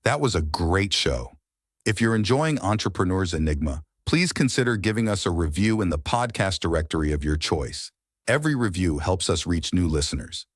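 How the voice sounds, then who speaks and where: A man reading a scripted podcast outro in a smooth, measured announcer style. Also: low-pitched, expressive, no room sound, clean studio sound.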